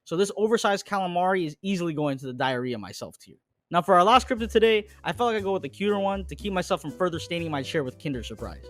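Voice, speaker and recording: A man narrating a comedic tier list, with crude jokes and deadpan asides. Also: sits high, quick pace, no room sound.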